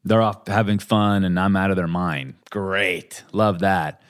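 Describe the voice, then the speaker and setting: A man, a podcast co-host, in casual chat, animated and quick to laugh. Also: deep voice.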